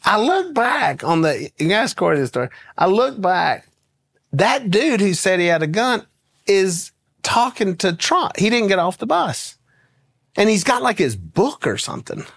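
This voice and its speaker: Uomo del Sud degli USA, narratore alla buona, voce medio-alta, suono asciutto. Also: male voice, high-pitched, normal speed, vocal fry, no echo. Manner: animated, laughing, folksy storyteller. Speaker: guest. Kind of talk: casual storytelling anecdote.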